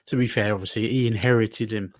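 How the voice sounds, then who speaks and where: A man's voice: fairly low pitch, steady tone, moderate pace, dry recording, clean studio sound. A man co-hosting a casual podcast, bantering and reading bits aloud with a laugh. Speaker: podcast co-host. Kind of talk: casual chat.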